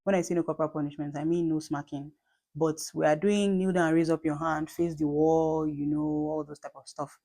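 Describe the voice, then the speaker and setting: Low-voiced Nigerian woman, chatty. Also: fairly even intonation, fairly quick, vocal fry, warm tone. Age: late 30s. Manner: chatty and emphatic, with repeats and asides. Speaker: vlogger and mother. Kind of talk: casual talk to camera.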